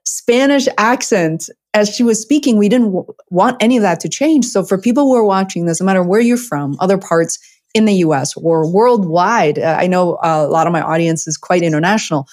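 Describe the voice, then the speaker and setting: A woman who learned English as a second language hosting an interview, speaking haltingly with restarts. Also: fairly low pitch, darkish tone. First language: not English. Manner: halting, many fillers and restarts. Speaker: interview host, documentary filmmaker. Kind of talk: interview host chat.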